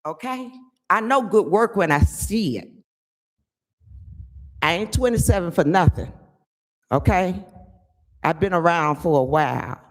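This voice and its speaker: An older woman giving an angry, emphatic public comment at a village board meeting, often pausing to ask "okay?". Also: lowish voice, animated. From Chicago area.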